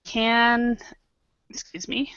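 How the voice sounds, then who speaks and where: A woman's voice: fairly high pitch, flat delivery, extremely slow, a bit bright, clean tone, no room sound. A woman teaching an online English class, patiently modelling pronunciation over a video call. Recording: dull lo-fi video call audio.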